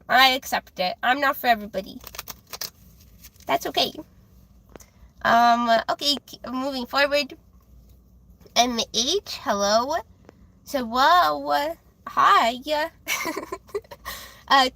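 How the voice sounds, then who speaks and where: A young woman with a high, childlike voice, chatting casually with viewers on a livestream while reading tarot. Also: slow pace, creaky, pauses often, pushed and bright. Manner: chatty, giggly, reads chat aloud.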